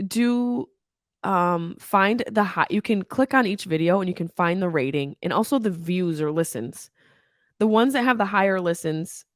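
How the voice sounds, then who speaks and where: Woman podcast host, low voice, candid, profane, dry studio mic. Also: dry recording. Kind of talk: casual comedic podcast monologue. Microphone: studio microphone.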